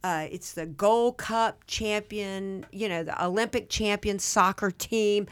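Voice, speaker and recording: Southern-accented actress telling stories. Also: female voice, medium pitch, slow pace, clean tone. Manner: animated, self-deprecating anecdotes. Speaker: guest actress. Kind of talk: casual interview storytelling.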